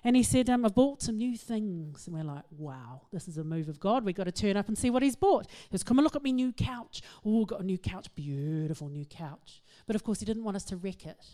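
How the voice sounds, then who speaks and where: Animated woman. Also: mid-range voice, a little fast, hardly any pauses. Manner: storytelling, animated, self-mocking. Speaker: speaker. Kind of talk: humorous talk to an audience.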